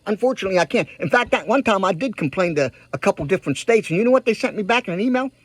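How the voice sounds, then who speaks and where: Heated ranting man, high lively voice. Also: racing, breathy edge, no echo. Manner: heated, repetitive, emphatic, addresses viewers directly. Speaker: political vlogger. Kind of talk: ranting direct-to-camera commentary.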